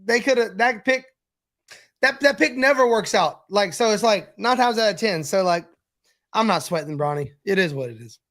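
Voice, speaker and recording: A man's voice: high voice, expressive, normal speed, a bit bright. A man guesting on a casual sports podcast, laid-back, with lots of "like" fillers. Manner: laid-back, shrugging, says "like" a lot.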